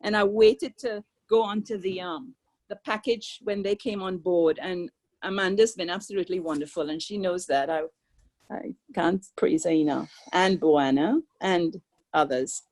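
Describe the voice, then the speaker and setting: A woman's voice: fairly low pitch, moderate pace, darkish tone, rough recording. An older woman, speaking as a caregiver guest on a webinar, earnest and conversational. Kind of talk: sharing personal experience on a webinar.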